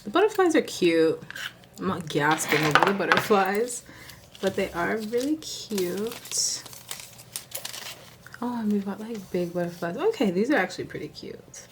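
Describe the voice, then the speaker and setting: A woman with a Southern US accent chatting casually through a haul video, full of fillers and sudden gasping excitement. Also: mid-range voice, unhurried, noisy background. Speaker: nail vlogger.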